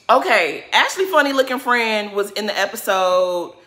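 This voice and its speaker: A woman with a bright, forceful voice talks through a reality TV episode in a casual recap. She is blunt and sassy, loose with slang and swearing. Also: medium pitch, lively intonation, normal speed, few pauses. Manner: colloquial slang-heavy talk.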